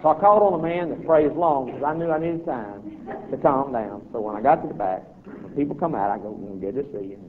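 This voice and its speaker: Animated storytelling preacher, tinny recording. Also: male voice, a little high, brisk, slight background noise. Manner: animated, acting out voices and reactions. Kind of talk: humorous storytelling to an audience.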